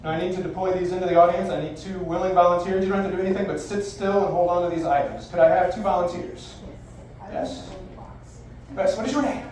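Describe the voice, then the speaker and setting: A man's voice: sits high, quick pace, darkish tone. A man in his forties, a stage magician doing brash, profane, theatrical comic patter to a live audience in a bar venue. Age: 40s. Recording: echoey live room, distant mic, faint noise.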